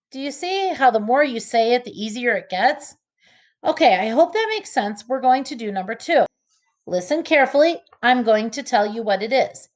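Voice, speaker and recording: A woman teacher giving an early reading lesson to children, slowly sounding out each letter and word. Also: fairly high pitch.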